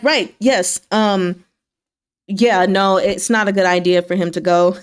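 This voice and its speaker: A woman casually recapping novel chapters for her book club, animated and laughing, acting out the characters' lines. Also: mid-range voice, normal speed, clear, resonant tone.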